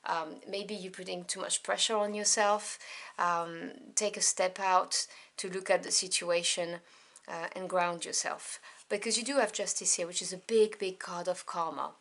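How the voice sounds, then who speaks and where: A woman giving a tarot reading to camera, gentle and meandering, with many pauses and apologies. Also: lowish voice, fairly even intonation. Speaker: tarot reader.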